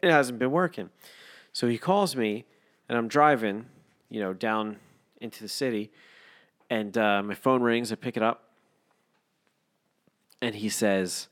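Low-voiced, profane young man. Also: unhurried, pauses often. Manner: swears constantly, animated storytelling with impressions. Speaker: podcast co-host. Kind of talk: casual chat.

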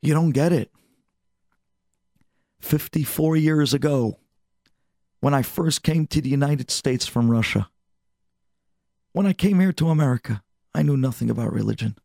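A man voicing a frail, devout elderly immigrant, telling his story with deep emotion. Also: moderate pace, gravelly, pauses often, mellow, dry recording, clean studio sound, natural voice. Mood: earnest.

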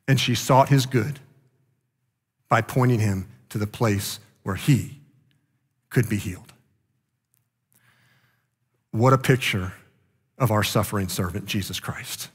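A male pastor preaching a sermon with passion, rising loud and then dropping quiet. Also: medium pitch, breathy edge, in a large hall.

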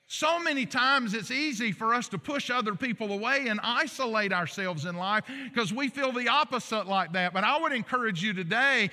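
A man's voice: extremely high pitch, bright, forceful tone. A middle-aged man preaching a sermon in a church, earnest and emphatic, repeating phrases for weight. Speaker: pastor. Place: church sanctuary. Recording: long reverb of a large hall.

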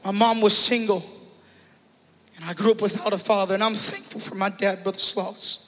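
A man's voice: sits high, fairly even intonation, moderate pace, long reverb tail, soft background music. A male pastor preaching a sermon as a personal testimony, often repeating himself and rising in intensity. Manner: personal testimony, growing emotional and loud. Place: church sanctuary.

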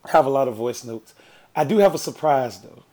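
A man hosting a podcast, steering the talk and telling a story in lively, animated banter. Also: mid-range voice, fairly quick, crowd noise. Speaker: podcast host.

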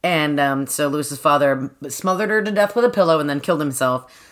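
Animated woman retelling a story. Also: sits low, a little fast. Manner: animated retelling, acting out characters' lines. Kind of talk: casual book-club chat.

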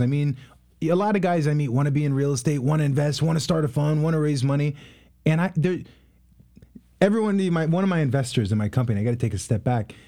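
Fast-talking young man telling stories. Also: a little high. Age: 20s. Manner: fast, animated storytelling with many fillers. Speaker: guest, real estate investor. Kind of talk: casual interview.

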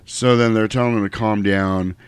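A low-voiced man casually retelling a movie's plot, animated and acting out the characters as he goes. His voice is recorded close and dry, with no room sound. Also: moderate pace, no echo. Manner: animated, acts out quotes. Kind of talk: casual film recap chat.

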